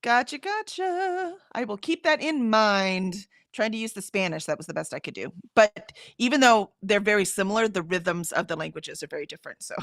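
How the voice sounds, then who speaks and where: A woman's voice: mid-range voice, animated, fairly quick, gravelly, few pauses, a bit bright, no room sound, clean studio sound. A woman hosting a casual livestream, reading viewer comments aloud in a chatty way and laughing often. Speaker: livestream host.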